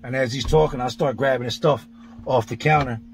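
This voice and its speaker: A faint hiss or hum sits under this man's gravelly, medium-pitched voice, which is fairly even in intonation and fairly quick. A vlogger, he tells a vivid, step-by-step story about prison in a blunt, profane, slang-filled casual monologue.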